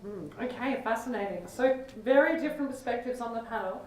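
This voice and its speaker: A woman's voice: a little high, brisk. Woman chairing a panel from afar. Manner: upbeat, clear instructions to the audience. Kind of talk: conference panel moderating. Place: big conference room. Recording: echoey hall from far off.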